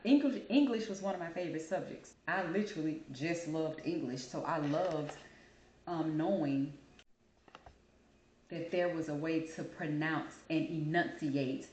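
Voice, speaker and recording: A woman with a lowish voice talks straight to her camera in a casual, animated way, telling a personal story. Her voice carries a noticeable echo from the room around her. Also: a little slow, muffled recording. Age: adult. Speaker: channel host. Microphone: camera mic. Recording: roomy echo.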